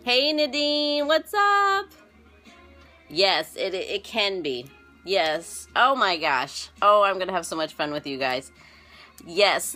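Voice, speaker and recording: A woman wardrobe stylist hosting a casual live stream, bubbly and quick to laugh as she greets viewers by name. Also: lowish voice, fairly bright tone.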